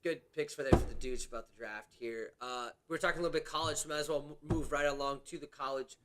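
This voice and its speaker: A man's voice: a little high, fairly even intonation, fast, noisy background. A man co-hosting a casual sports chat, talking loosely with lots of hesitation. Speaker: podcast co-host.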